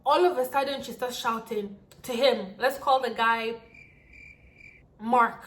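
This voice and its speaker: A woman telling a dramatic storytime vlog in an animated way. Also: fairly high pitch, moderate pace. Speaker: vlogger.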